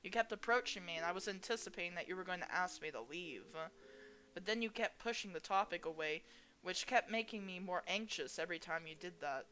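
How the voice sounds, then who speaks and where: A woman voicing an anxious young female monster who speaks softly and puts herself down, reading a visual novel aloud. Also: on the low side, a little fast. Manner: soft, self-deprecating.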